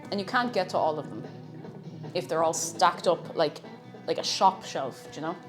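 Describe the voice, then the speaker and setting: A young Irish woman chats and giggles while live-streaming from her home kitchen, cooking and reading her chat aloud. Her voice is low and unhurried, with music playing behind her.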